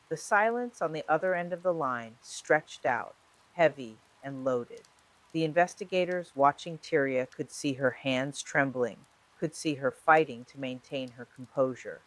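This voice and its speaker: A scripted true-crime narration with a steady, dramatic delivery. The voice sits at a middling pitch. It carries the story evenly from line to line. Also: measured pace, low-quality recording.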